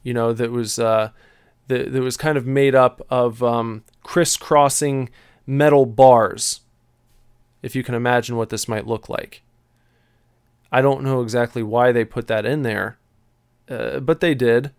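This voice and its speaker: A man casually telling a long personal story on a podcast, halting and searching for words, with a wry, laid-back manner. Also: mid-range voice, fairly even intonation, clear, resonant tone, dry recording, studio quality.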